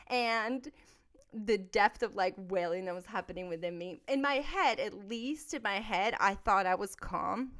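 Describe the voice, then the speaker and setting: A woman hosting a podcast, telling a personal story in a candid, blunt and emphatic way, moving between soft asides and loud outbursts. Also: medium pitch, expressive, measured pace. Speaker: podcast host.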